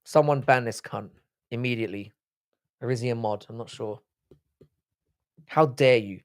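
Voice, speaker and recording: A man's voice: mid-range voice, steady tone, fairly quick, clear, resonant tone. A young man hosting a livestream, ranting and swearing as he reads out chat comments. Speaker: livestream host. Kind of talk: live-stream chat reading comments.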